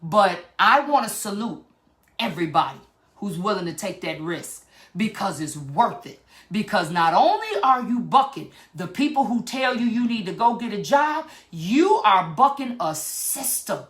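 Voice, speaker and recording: A middle-aged woman vlogger delivers an impassioned motivational talk directly to her viewers. Her mid-range voice is animated and unhurried, with a fired-up, preachy manner.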